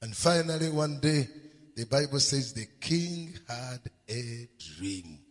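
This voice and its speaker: A man's voice: mid-range voice, expressive, slow. A man preaching a sermon, telling a story with emphatic repeated refrains and calling on the congregation to answer. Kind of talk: sermon storytelling with call and response. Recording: long hall reverb.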